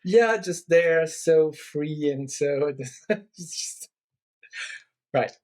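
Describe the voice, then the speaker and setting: A man co-hosting a casual podcast conversation, speaking at an unhurried, slow pace. He halts and hedges often with fillers. Small laughs break into his speech. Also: on the high side, darkish tone. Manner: hesitant, halting, with fillers and laughs. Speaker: podcast co-host.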